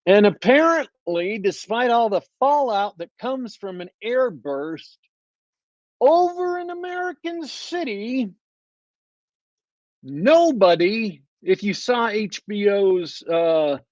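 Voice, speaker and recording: A man's voice: sits high, very animated, slow, a little mellow, dry recording, highs cut off. A man co-hosting a podcast, reviewing shows with sardonic, rambling commentary and many ums and uhs. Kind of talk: casual podcast chat.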